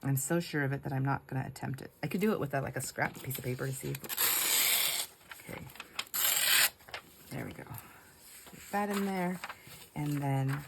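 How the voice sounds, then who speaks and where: A woman's voice: a bass voice, fairly even intonation, fairly quick, gravelly, long pauses, background noise. A middle-aged woman chatting casually while she crafts, telling stories with frequent laughter and asides to her viewers. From United States. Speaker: craft vlogger.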